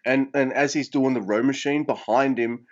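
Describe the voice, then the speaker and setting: A man's voice: medium pitch, fairly even intonation, normal speed. A man co-hosting a podcast, joking in a hesitant, self-deprecating way. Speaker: podcast co-host. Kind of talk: casual podcast chat. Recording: dull lo-fi audio.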